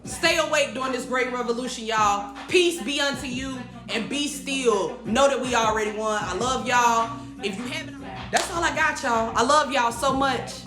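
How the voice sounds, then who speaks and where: A woman's voice: on the high side, normal speed, music in the background. Emphatic woman hosting a livestream. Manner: emphatic, repeats phrases, chats with viewers' comments. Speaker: host of a weekly livestream message. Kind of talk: casual encouraging livestream talk. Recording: echoey room.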